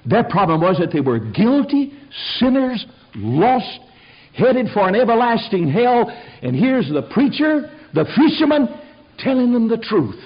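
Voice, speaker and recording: An older man preaching a sermon in a fiery, folksy way, rising to shouted peaks. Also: very high-pitched, very animated, unhurried, muffled recording. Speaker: pastor.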